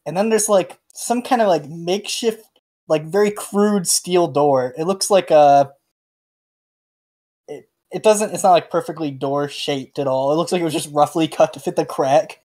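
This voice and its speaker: Halting game master man narrating. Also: a little high, a little mellow. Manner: halting, filler-heavy narration with many "like"s.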